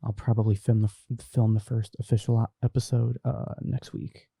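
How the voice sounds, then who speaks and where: A young man hosting a relaxed podcast reads the live chat out loud and chats about the comments, live-stream style. His mid-range voice is warm and breathy with vocal fry, and his delivery is flat at a normal pace. A desk mic feeds through a mixer, with no echo.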